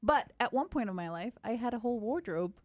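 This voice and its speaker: A woman's voice: fairly high pitch, lively intonation, brisk, no room sound, clean studio sound. A woman co-hosting a podcast in casual chat, light and giggly. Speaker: podcast co-host.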